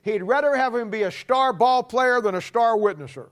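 A man preaching a sermon emphatically, voice dropping low and soft at the ends of points. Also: normal speed. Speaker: pastor.

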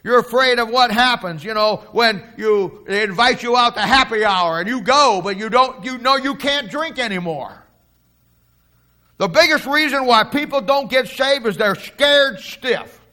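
A man's voice: very high voice, a little slow, bright, forceful tone. An older man preaching a sermon, telling stories in a fervent, folksy way.

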